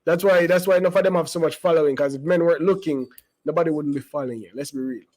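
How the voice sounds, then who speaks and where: Rambling man, higher voice. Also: fast talker, darkish tone, rough recording. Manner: rambling, emphatic, with asides and restarts. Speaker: channel host giving social commentary. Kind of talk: casual commentary to camera.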